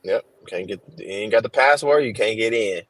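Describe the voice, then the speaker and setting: Through headphones on a stream, a lowish, slightly bright male voice reads Bible verses in an informal class, slow and halting with fillers and restarts. The recording is rough.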